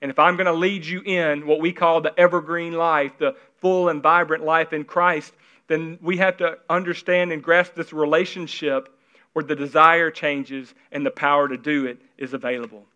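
A man preaches with an earnest, conversational delivery and a bright, forceful edge to his voice. His tone is smooth and resonant, and at times he drops into a hushed, intimate hush. The recording sounds a little dull and lo-fi. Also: a little high, fairly even intonation, moderate pace. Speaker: pastor. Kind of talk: sermon.

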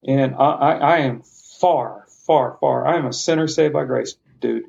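Podcast guest, middle-aged man, gravelly voice, earnest storyteller, slightly muffled lo-fi sound. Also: medium pitch, darkish tone. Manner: heartfelt, passionate, halting restarts.

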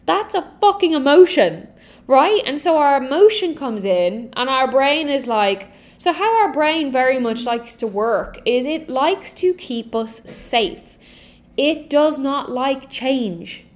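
A woman's voice: high-pitched, slow. Candid, swearing woman podcast host. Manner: candid, energetic, swears freely. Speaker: podcast host and healing coach. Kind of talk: casual podcast monologue.

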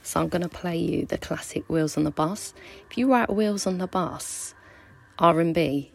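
A woman in her thirties hosts a home mixtape like a radio DJ, chatting excitedly and slipping into soft half-whispers. Her voice sits low with a gravelly, husky edge. The recording is dry and close, with faint music underneath. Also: normal speed. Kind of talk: casual chat between songs.

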